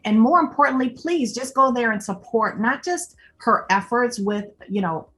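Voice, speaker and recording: A woman's voice: on the high side, moderate pace, a bit bright. Earnest woman co-host giving thanks. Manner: earnest, repeats "more importantly", many "um"s. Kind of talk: heartfelt closing thanks on a live video show.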